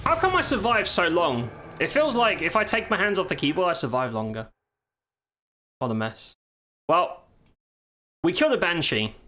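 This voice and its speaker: A man's voice: sits high, big pitch swings, moderate pace, long pauses, bright, forceful tone. A man streaming live gameplay with commentary, swearing and exclaiming while chatting to viewers. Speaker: game streamer. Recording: game music underneath. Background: faint game music.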